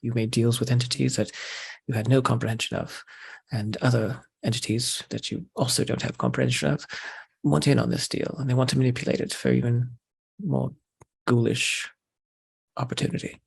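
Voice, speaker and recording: A man voicing Mildred, an earnest woman hunter, pleading with a doctor in his own gravelly voice. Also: medium pitch, flat delivery, fairly quick.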